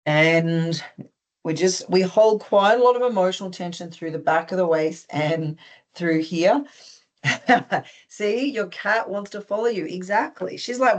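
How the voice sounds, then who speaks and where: An instructor with an Australian accent leads a group through simple stretches and breathing, speaking calmly and steadily. The cues are gently instructive, with small touches of humor mixed in. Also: medium pitch. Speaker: movement instructor. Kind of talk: guided stretching class.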